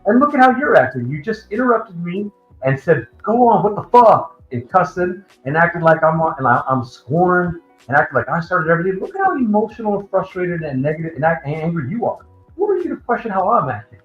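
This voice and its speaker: A man's voice: high-pitched, sing-song, brisk, faint music behind. A male caller in a heated debate, defensive and lecturing, complaining about being interrupted, heard over a call line. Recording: dull, roomy call audio.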